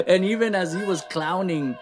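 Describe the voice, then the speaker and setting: A man ranting casually in a wrestling show review, animated, swearing and laughing at the shocking moments. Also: high-pitched, background noise. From Latino. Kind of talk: casual recap rant.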